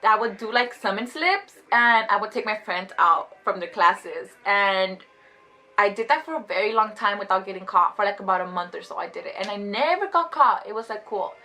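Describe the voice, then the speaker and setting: A woman in her twenties telling a casual storytime vlog, chatty and animated, saying "like" constantly. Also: mid-range voice, low-quality recording. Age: 20s. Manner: chatty, fast, heavy use of "like", animated retelling. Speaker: vlogger.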